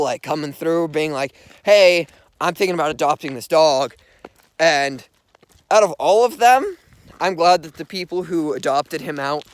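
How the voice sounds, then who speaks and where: His voice is a little high, clear, and resonant, with no echo. A young vlogger strolls the streets outdoors with his dog, telling a casual, earnest, rambling story full of "like."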